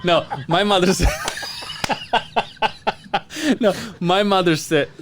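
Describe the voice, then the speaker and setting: A man's voice: sits high, extremely slow, long pauses, a bit bright. A man co-hosting a podcast, telling a story in a loose, profane, laughing way. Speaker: podcast co-host. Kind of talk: casual storytelling chat.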